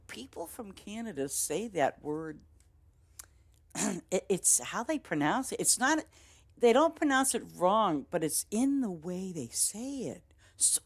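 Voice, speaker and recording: A woman with a Boston accent chatting casually with her stream viewers in a rambling, easygoing way, laughing often. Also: medium pitch. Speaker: game streamer.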